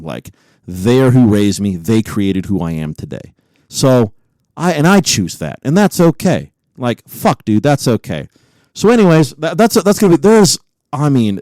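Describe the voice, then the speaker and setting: A man's voice: fairly low pitch, a little mellow, no echo, poor audio. A man co-hosting a podcast in casual chat, swearing often and getting heated as he rants. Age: adult with a son. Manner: profane, heated rant. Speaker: podcast co-host.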